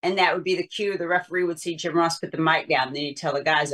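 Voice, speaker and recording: A woman's voice: sits low, fast. An older woman with a Southern US accent, a guest in a casual interview, telling gossipy stories and quoting people as she goes. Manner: storytelling, gossipy, animated quoting. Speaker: interview guest, veteran wrestling personality.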